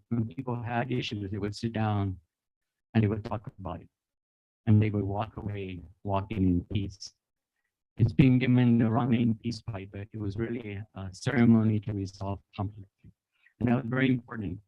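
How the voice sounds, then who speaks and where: A man's voice: mid-range voice, dry recording, highs cut off. A man from the Apache nation, emceeing a dance at an outdoor festival, friendly and teaching, getting the crowd to repeat words. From Apache nation, North America. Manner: friendly, teaching, gives the audience phrases to repeat.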